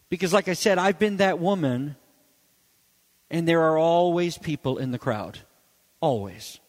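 A man preaching a sermon with emphatic storytelling, rising and then dropping to quiet. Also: on the high side. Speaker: pastor. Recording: long hall reverb.

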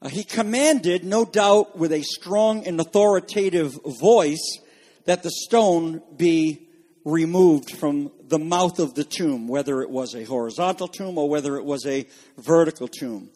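A man's voice: a little high, measured pace, a little mellow. A man preaching a sermon, reading passages aloud and explaining them to his congregation. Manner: reads quotations aloud, then explains them. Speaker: pastor.

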